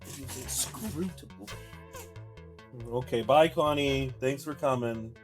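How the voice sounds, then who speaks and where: A man's voice: mid-range voice, slow, faint music behind. A young man, chatting casually while streaming a game live and reading chat aloud. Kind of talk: live gameplay commentary.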